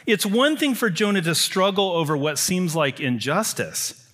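Emphatic preacher man, fairly high voice. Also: animated, normal speed, fairly bright tone. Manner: emphatic, building with repeated phrases. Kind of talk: sermon.

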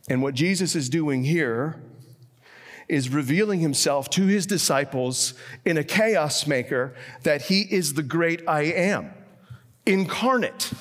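Animated male preacher in a reverberant hall. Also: fairly high pitch, unhurried. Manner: animated, swings between hushed and emphatic. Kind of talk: sermon.

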